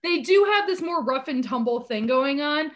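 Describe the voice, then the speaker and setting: A woman's voice: sits high, lively intonation, normal speed, fairly bright tone. A woman co-hosting a podcast, chatting casually and expressively, teasing with fondness. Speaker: podcast co-host. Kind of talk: casual chat.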